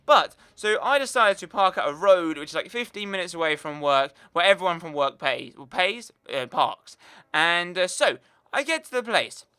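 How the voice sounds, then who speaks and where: Chatty young British man, bright voice. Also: high-pitched, lively intonation, moderate pace, clear, resonant tone. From United Kingdom. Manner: chatty, rambling, lots of fillers. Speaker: gaming YouTuber. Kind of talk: casual storytelling over gameplay.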